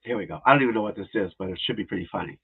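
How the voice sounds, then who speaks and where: A man's voice: lowish voice, rapid-fire, a little hiss or hum. A man rambling in casual live-stream chat, restarting sentences and talking to his viewers, with tinny phone-like audio. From New England. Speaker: golf instructor streaming live.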